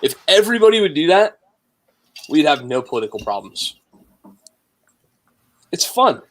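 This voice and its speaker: A man's voice: fairly high pitch, sing-song, moderate pace. A man hosting a casual podcast, talking bluntly and emphatically, with plenty of swearing. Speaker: podcast host.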